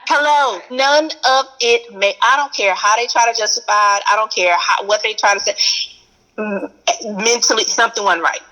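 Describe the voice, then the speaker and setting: A woman's voice: fairly high pitch, moderate pace, pushed and bright, low-quality recording. A woman from Texas with a Texan accent, an educator talking earnestly in casual conversation, repeating phrases for emphasis. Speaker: educator, guest.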